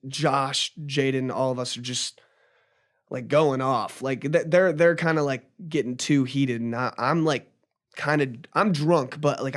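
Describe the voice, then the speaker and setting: A young man telling a story casually as a podcast guest, rambling with lots of fillers and restarts. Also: mid-range voice. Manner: rambling, filler-heavy retelling with frequent restarts.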